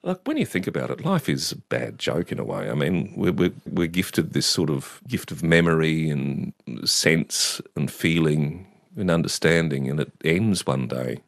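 A man's voice: extremely low pitch, sing-song, normal speed, creaky, few pauses, no echo, clean studio sound. A man in his fifties with an Australian accent, telling rambling anecdotes in an interview and often laughing. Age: 50s. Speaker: guest. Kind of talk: casual storytelling interview.

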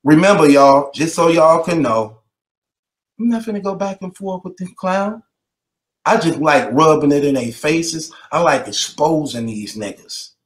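A man's voice: a little high, lively intonation, unhurried, roomy sound. A man delivering a mocking rant to the camera, taunting and repeating his jabs and breaking into laughter between them.

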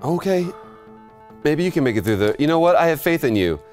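A man's voice: fairly high pitch, sing-song, fairly quick, a little mellow, soft background music. Playful man riffing over a video game. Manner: goofy, riffing, slips into silly bits. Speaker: voice actor playing a video game. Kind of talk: casual gameplay banter.

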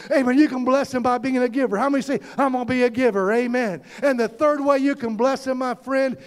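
A pastor, preaching fervently and calling out to the congregation. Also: male voice, very high-pitched, steady tone, brisk. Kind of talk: sermon.

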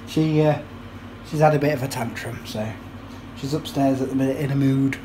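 A cheerful man in his thirties chats to camera through a family evening, laughing often and going sing-song when he talks to the kids. He sounds like he is filming himself at home on a handheld camera. There is a steady hiss of background noise, with kitchen clatter behind him. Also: medium pitch, normal speed. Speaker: family vlogger. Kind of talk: casual home vlog. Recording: noisy home recording.

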